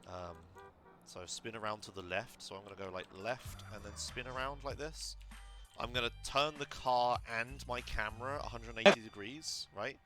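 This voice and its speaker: A man's voice: mid-range voice, normal speed, soft background music. Man casually coaching a game speedrun. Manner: relaxed, instructive, many fillers.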